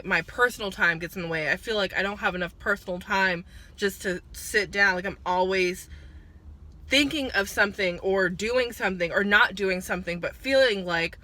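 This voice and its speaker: A woman in her twenties rambling through a personal vlog on a break at work, halting and stumbling as she holds back tears. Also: on the low side, pushed and bright. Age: 20s. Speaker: vlogger.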